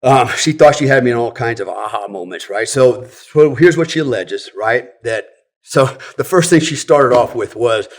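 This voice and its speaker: A man's voice: mid-range voice, lively intonation, normal speed. A middle-aged man, a former special operations soldier, telling blunt, profane stories as a podcast guest and chuckling often. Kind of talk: casual storytelling in a podcast interview.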